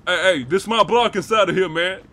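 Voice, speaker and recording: A man's voice: high voice, fairly quick, bright, forceful tone. A man role-playing a prison gang boss in game voice chat, talking brash street slang and barking orders.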